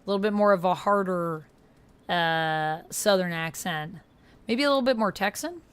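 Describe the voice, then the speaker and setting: A woman with a lowish, clear, resonant voice speaks at a normal pace while live-streaming a video game. She casually reads the menu options aloud and chats with her viewers.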